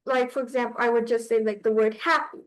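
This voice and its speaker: A woman's voice: a little high, level tone, fast, poor audio. A woman teaching a class, hesitant, with many fillers and restarts. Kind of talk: online class lesson.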